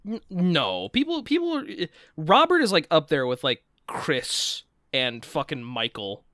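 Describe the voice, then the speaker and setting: A man's voice: on the high side, big pitch swings, measured pace, sharp tone, dry recording, studio quality. A man co-hosting a casual podcast, rambling with many restarts and casual swearing. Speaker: podcast co-host. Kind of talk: casual chat.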